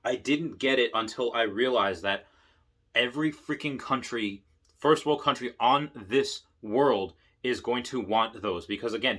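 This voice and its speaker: A man giving a casual, rambling monologue, excitable, with many restarts. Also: medium pitch, normal speed, breathy edge. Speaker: investing vlogger.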